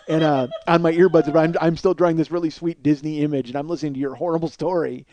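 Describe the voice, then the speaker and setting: A man's voice: a little high, very fast, hardly any pauses, darkish tone, slight background noise. A man telling a rambling, profane, self-deprecating comedic story as a podcast host.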